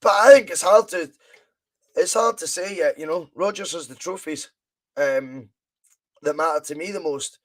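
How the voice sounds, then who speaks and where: A man's voice: a little high, moderate pace, long pauses. A Scottish man hosting a live football watch-along podcast, chatting in a rambling way and reading viewer comments aloud. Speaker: podcast host.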